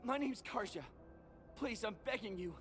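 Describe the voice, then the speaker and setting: A man's voice: high-pitched, moderate pace, fairly bright tone. An actor playing a desperate young man who urgently pleads for help for his sick sister. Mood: pleading. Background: game music.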